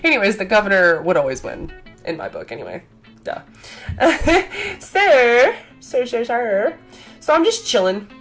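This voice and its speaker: A young adult woman vlogger telling a story in an excited, gushing, chatty way, full of fillers. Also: on the high side, unhurried, faint music behind.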